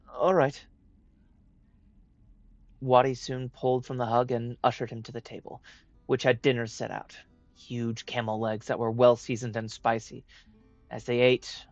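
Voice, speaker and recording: A man's voice: mid-range voice, dry recording. Man narrating a story, dry lo-fi sound. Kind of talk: reading a fan story aloud. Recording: dry, dull lo-fi with faint music.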